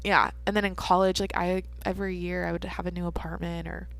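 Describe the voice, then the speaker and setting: A young woman podcast host, recording at home at night, tells a long rambling story packed with swearing and self-interruptions in a casual solo monologue. Her voice is fairly low and level with vocal fry, and she talks at a quick pace.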